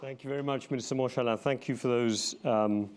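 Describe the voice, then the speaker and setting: A man's voice: medium pitch, steady tone, a little fast, heavy background noise. A man moderating a panel, asking a long question with many ums and restarts. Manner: hesitant, lots of ums and restarts. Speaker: event moderator.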